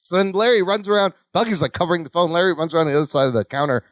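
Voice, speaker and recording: High-voiced man retelling a sitcom. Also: very fast, dry recording, clean studio sound. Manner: animated retelling with acted-out quotes and laughter. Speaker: podcast co-host. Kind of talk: casual rewatch podcast chat.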